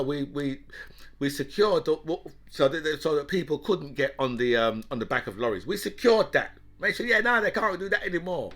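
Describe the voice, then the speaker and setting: A man in full rant mode, sarcastic and exasperated, punctuating every point with a questioning "right?". His voice sits a little high and rings bright and forceful. It leaps around his range as he works himself up. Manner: heated, sarcastic, repeats "right?" constantly. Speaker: political commentator. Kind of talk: angry political rant.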